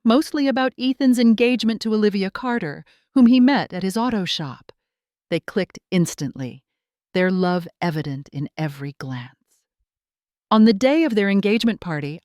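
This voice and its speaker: A woman narrating a first-person drama story in a steady, scripted storytelling delivery. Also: mid-range voice, dry recording, studio quality.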